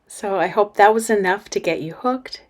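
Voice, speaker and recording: A woman's voice: medium pitch, normal speed. A woman teacher wrapping up a reading with a friendly recommendation, speaking directly to her students. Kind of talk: book recommendation.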